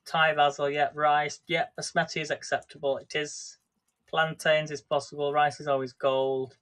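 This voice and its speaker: Brief: male livestream host, slightly higher voice, rambling friendly cooking chat into a phone. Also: flat delivery, moderate pace, fairly bright tone. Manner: rambling, chatty, addresses viewers by name. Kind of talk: casual live cooking chat.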